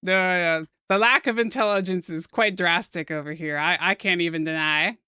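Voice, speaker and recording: A young American woman streaming while she draws, chatting casually with her viewers in a soft-spoken, giggly way. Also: fairly low pitch, normal speed, clean tone, no room sound, studio quality. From United States.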